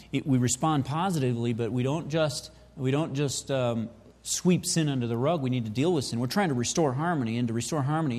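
A man's voice: medium pitch, a little mellow. A male pastor delivering a sermon, posing questions and repeating himself as he thinks. His voice carries a long hall reverb.

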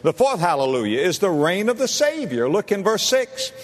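A man preaching a sermon to a congregation, swinging between low, quiet asides and high, ringing exclamations. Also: sing-song, normal speed, in a large hall. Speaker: pastor. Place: church sanctuary.

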